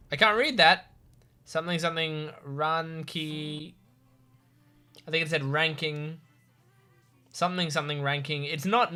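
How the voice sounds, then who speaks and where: Hiccuping as he goes, an anime reaction host chats away in a sharp voice on the high side. He rambles, corrects himself, and laughs a lot.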